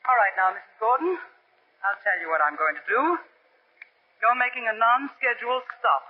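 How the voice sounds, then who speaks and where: An actress playing a cunning female spy in disguise, crisp and coolly commanding, in 1940s radio acting. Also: a little high, moderate pace, lightly acted. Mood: cold, menacing. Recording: muffled old radio recording.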